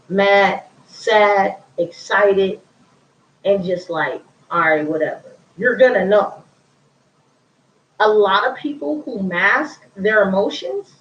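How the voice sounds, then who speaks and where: A woman talking candidly and bluntly about her life in casual storytelling, repeating herself and using slang. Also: medium pitch. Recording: roomy, distant, dull lo-fi sound.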